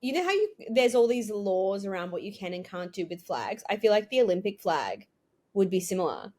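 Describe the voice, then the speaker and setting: A woman's voice: medium pitch, very animated, a little fast, darkish tone. A young woman, co-hosting a casual chat with dry, joking asides. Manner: wry, joking, fond of comic asides. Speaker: podcast co-host.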